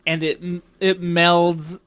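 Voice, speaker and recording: A man's voice: high-pitched, level tone, takes it slowly, fairly bright tone, clear, resonant tone. A man co-hosting a casual podcast chat, enthusiastic and rambling. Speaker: podcast co-host.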